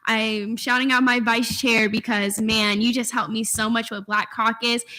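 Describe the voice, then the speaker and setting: Bright-voiced young woman, tearfully effusive. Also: on the high side, little pitch movement, moderate pace. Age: young adult. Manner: tearful, effusive, rambling with restarts. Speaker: student senator. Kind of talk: emotional farewell remarks at a meeting. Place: meeting room.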